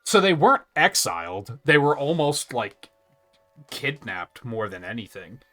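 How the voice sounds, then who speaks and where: A man's voice: mid-range voice, very animated, a little slow, sharp tone, faint music behind. A man streaming a video game, chatting casually in a rambling way, with restarts and casual swearing. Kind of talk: casual let's-play commentary.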